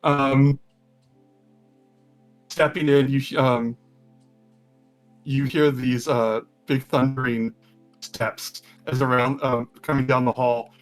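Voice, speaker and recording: A man's voice: medium pitch, level tone, slow pace, long pauses, soft background music. A man working as game master, narrating a tabletop game in a loose, hesitant way with many fillers.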